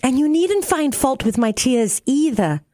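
Storybook little girl, weepy and sulky, high pleading voice, put on by a woman reader; dry close sound. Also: sing-song, unhurried, mellow, no room sound. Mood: upset. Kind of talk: storybook reading.

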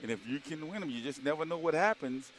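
A man's voice: fairly high pitch, animated, quick pace, a bit bright, a little hiss or hum. Rambling man on sports radio. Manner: rambling, repeats words, many fillers. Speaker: co-host. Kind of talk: casual sports radio talk.

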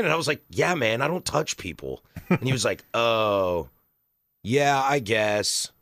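A man co-hosting a casual podcast, telling animated stories and acting out his customers. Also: mid-range voice, moderate pace, no echo, studio quality. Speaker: podcast co-host, bartender. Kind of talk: casual chat.

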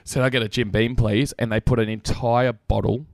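A young man co-hosting a casual podcast, lively and quick to swear. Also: medium pitch, creaky, no room sound, studio quality. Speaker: podcast co-host. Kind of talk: casual chat.

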